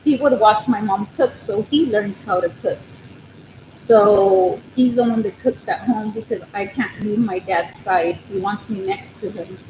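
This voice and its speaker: Slow, hesitant woman chatting on a livestream. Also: mid-range voice. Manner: rambling and hesitant, many ums and restarts; nervous, soft-spoken. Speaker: crochet channel host on a livestream. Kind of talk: casual live chat with viewers. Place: living room at home. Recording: roomy room with steady background noise.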